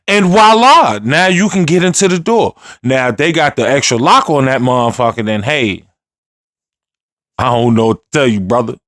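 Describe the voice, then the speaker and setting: A man's voice: medium pitch, normal speed, fairly bright tone, dry recording, studio quality. A man giving laid-back, joking reaction commentary. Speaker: reaction host.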